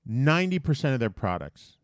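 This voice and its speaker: A man co-hosting a casual podcast, telling a long, animated story with plenty of swearing and restarts. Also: mid-range voice, brisk, no room sound, studio quality. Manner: animated ranting anecdotes with profanity.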